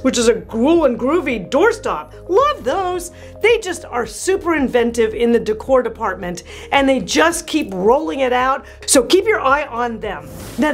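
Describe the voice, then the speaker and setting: A woman interior designer hosting a review vlog, gushing and animated, with lots of excited exclamations. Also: sits high. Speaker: interior designer and channel host. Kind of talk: enthusiastic product review vlog.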